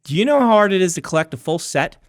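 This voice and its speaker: A man's voice: sits high, big pitch swings, fast talker, dry recording, clean studio sound. A man co-hosting a podcast, chatting casually and explaining with rambling, self-correcting asides. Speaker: podcast co-host, author. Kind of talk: casual chat.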